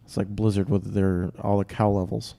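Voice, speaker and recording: A man chatting as a guest among old friends, agreeable and quick to laugh. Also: lowish voice, flat delivery, gravelly, dark tone. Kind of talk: casual chat among friends.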